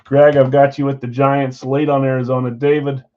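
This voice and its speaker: A man's voice: medium pitch, level tone, normal speed, highs cut off. A man hosting a live card break from a card shop, chatting casually while rattling off names and teams.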